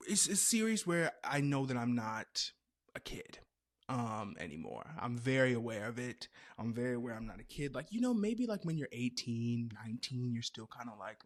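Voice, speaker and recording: A man in his twenties hosting a podcast, telling stories in a loose, animated way with playful asides. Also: medium pitch. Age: 20s. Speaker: podcast host. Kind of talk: casual chat.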